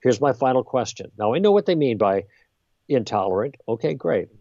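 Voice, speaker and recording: Man, podcast guest, mellow dark voice, dry muffled sound, lively role-playing explainer. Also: mid-range voice, brisk, dry recording. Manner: lively, role-plays exchanges with emphasis. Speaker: guest author. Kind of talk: conversational explaining.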